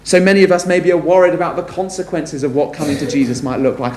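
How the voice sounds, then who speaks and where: Earnest preacher in an echoey hall. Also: male voice, fairly high pitch, steady tone, a little mellow, a little hiss or hum. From Britain. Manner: earnest, swings between quick storytelling and slow emphatic appeals. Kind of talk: sermon. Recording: echoey room.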